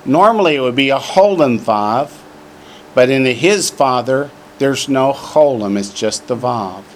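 A man's voice: medium pitch, expressive, a little hiss or hum. A man teaching a Hebrew class, drilling word forms for the students to repeat and slipping in jokes. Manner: slow, drawn-out drilling of words for repetition; joking asides. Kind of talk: classroom lesson.

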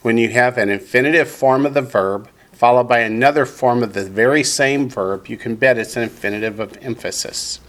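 Man, teacher, mid-pitched, steady and deliberate classroom delivery. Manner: slow, deliberate explanations, leads group repetition. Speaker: Hebrew teacher. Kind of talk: classroom lesson with call-and-response.

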